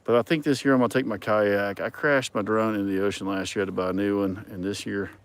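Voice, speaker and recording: A man's voice: on the low side, fairly even intonation, quick pace, clear, resonant tone. A man hosting a casual livestream, reading viewer comments and talking in a rambling way with many ums and some dry sarcasm. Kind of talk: casual chat.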